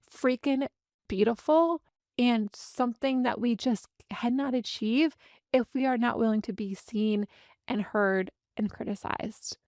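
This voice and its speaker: Earnest woman with a gravelly edge. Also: a little high, a little mellow, no echo, clean studio sound. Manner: earnest, heartfelt, speeds up and slows down for emphasis. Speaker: podcast host and business coach. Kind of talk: candid motivational podcast monologue.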